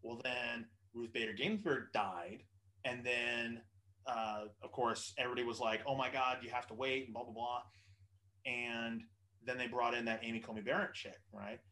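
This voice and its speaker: Male podcast host, mid-pitched, rambling casual talk full of fillers and swearing. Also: fairly even intonation, moderate pace, sharp tone, low-quality recording. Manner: rambling, profane, with many fillers. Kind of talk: casual political chat.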